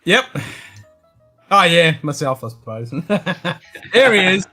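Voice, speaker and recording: An Australian man hosting a casual whisky livestream, loud and laughing, swearing freely. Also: fairly high pitch, big pitch swings, takes it slowly, soft background music. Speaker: show host.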